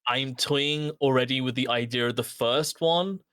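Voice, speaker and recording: A man's voice: medium pitch, normal speed, a loud crowd. A man with a British accent chatting as a podcast guest, rambling and hesitant with plenty of "uh" and "like". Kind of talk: casual podcast chat.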